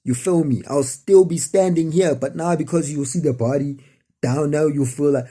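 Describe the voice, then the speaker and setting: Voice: mid-range voice, moderate pace, warm tone, slightly rough. A spiritual speaker, preaching casually to camera in a rambling, repetitive way full of rhetorical questions. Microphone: camera facing the speaker.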